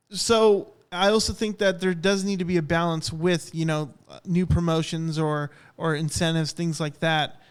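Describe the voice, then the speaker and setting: A young man co-hosting a podcast, telling rambling, animated stories in casual chat. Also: a little high, smooth. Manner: rambling, animated storytelling with acted-out quotes. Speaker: podcast co-host.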